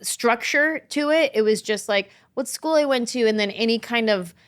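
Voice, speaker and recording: A woman in her forties from San Jose, California, a comedian guest telling her story in a casual interview, animated. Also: on the high side, normal speed, smooth. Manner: animated, acts out quoted voices.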